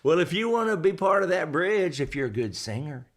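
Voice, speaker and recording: A man's voice: fairly high pitch, big pitch swings, a little fast. A man hosting a casual livestream chat, folksy and joking as he asks his guest questions. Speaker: livestream host.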